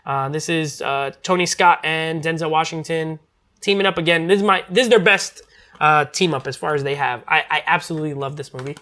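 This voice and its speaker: A man's voice: on the high side, a little fast, bright, forceful tone. A man reviewing movies in a casual, rambling chat, full of fillers and restarts.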